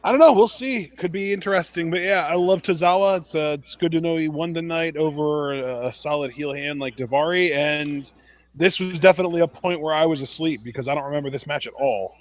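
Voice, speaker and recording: A man's voice: on the high side, fairly quick, lo-fi sound. A man co-hosting a casual wrestling review podcast, laid-back and chiming in. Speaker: podcast co-host.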